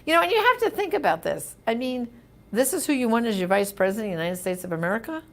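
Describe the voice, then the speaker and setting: Animated woman reading viewer comments. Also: fairly high pitch, fast. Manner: animated, emphatic, conversational. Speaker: host answering viewer comments. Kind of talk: casual live comment reading.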